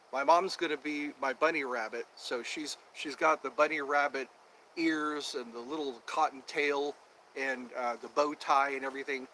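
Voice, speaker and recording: A chatty man hosting a casual livestream from outdoors, talking into his phone. His voice sits a little high and comes across bright and forceful. He rambles loosely, with plenty of fillers, and faint outdoor noise hums behind him. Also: rough recording. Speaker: livestream host. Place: outdoors at sunset, traffic passing.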